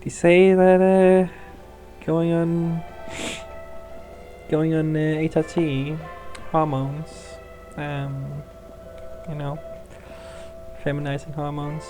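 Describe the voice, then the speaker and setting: A woman's voice: sits low, level tone, slow pace, long pauses, warm tone, soft background music, rough recording. A woman hosting a let's play, rambling through casual gameplay commentary and laughing often.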